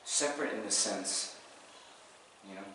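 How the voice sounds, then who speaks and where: A man's voice: on the low side, measured pace, sharp tone. A male Buddhist teacher giving an informal, conversational Dharma teaching to students in a meditation hall, often checking in with "right?". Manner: conversational, with frequent "right?" checks and self-corrections. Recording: echoey room, distant mic, audible noise.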